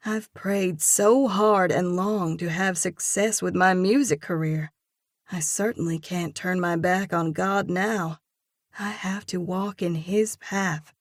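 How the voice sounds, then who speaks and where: A woman reads an audiobook in a measured, reflective first-person voice, slow and unhurried with a slightly low pitch. The recording is dry and close, with no room echo. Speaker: audiobook narrator. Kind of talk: scripted audiobook narration.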